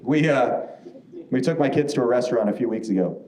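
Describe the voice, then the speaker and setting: Brash, animated stand-up comedian. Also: male voice, mid-range voice, quick pace. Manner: brash, profane storytelling. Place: comedy club stage. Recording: roomy club with crowd noise.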